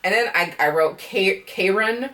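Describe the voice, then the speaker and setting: A woman's voice: mid-range voice, a little slow, sharp tone, far from the mic. A woman giving a blunt, sassy casual recap of a reality dating show, swearing freely.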